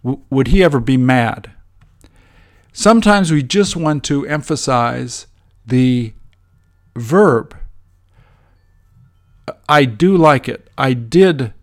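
A man teaching English grammar, walking through example sentences in a measured way with frequent ums. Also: mid-range voice.

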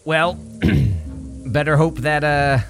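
A man's voice: on the high side, steady tone, takes it slowly, fairly bright tone, soft background music. A man playing a tabletop game in character, folksy and rambling. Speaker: player.

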